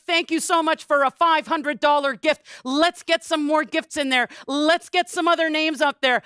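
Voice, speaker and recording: Woman, charity auction host, exuberant, high-pitched, smooth. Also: a bit bright, dry recording, clean studio sound. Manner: exuberant, booming, playful asides. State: a little out of breath. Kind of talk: energetic fundraising pitch.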